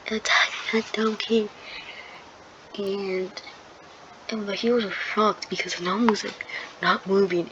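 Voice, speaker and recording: Woman storyteller, slow, rambling, filler-heavy improvised retelling; dull lo-fi take with loud noise behind. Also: medium pitch. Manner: rambling, full of ums and likes, restarts. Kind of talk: improvised fan-fiction retelling.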